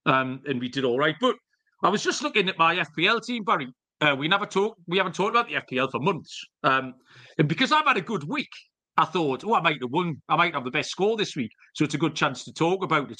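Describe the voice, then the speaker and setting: Bloke co-hosting a podcast, bright lively voice, a bit high, rambles on with jokes. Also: male voice. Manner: rambling, jokey storytelling with swearing. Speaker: podcast co-host. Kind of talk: casual chat.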